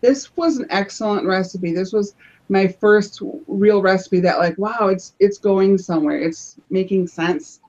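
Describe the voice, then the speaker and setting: A woman's voice: mid-range voice, measured pace, darkish tone, muffled recording. A woman on a live panel show casually showing her crafts, chatty, often restarting her phrases as she explains.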